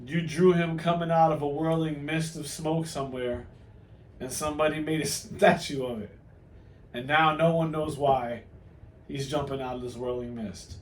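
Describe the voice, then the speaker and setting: Brief: male toy-review host, higher voice, roomy sound from off the mic. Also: steady tone, normal speed, distant mic. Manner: joking, teasing, laughs often. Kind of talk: casual unboxing chat.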